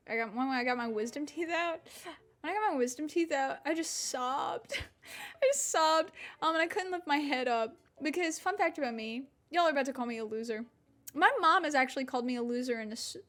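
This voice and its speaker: A young woman streaming, rambling through a story in casual chat, self-deprecating, swearing often, with laughs between words. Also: sits high.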